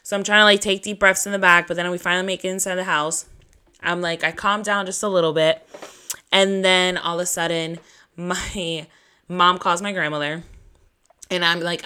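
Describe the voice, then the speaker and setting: A woman's voice: lowish voice, flat delivery, normal speed, sharp tone, clear, resonant tone. A woman hosting a podcast who tells a personal story in a casual, chatty way. She swears freely, leans on "like", and laughs at herself between lines. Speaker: podcast host.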